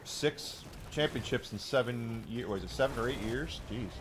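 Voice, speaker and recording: A man's voice: mid-range voice, moderate pace, noisy background. A man live-streaming a game, chatting casually and rambling to his chat between plays. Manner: rambling, chatty, talks to chat while playing.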